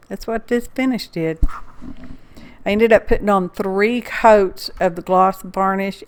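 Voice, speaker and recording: A woman's voice: medium pitch, smooth. Chatty woman crafting at home. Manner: chatty, rambling, self-correcting, folksy. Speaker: crafter narrating a project. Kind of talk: casual craft voice-over.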